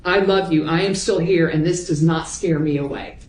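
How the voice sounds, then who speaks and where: A woman prosecutor reading messages and timestamps aloud into the court record in a measured voice. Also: on the low side, fairly even intonation, a little mellow. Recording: echoey courtroom audio.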